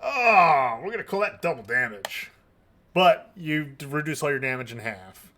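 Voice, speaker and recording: A man narrating combat as game master of a tabletop game, in a deliberate, measured way. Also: a little high, animated, bright, forceful tone.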